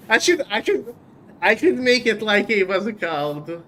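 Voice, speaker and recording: A man's voice: high-pitched, a bit bright, a little hiss or hum. A man streaming a video game, chatting casually in a goofy, joking way. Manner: goofy, joking, laughs often. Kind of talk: casual gaming chat.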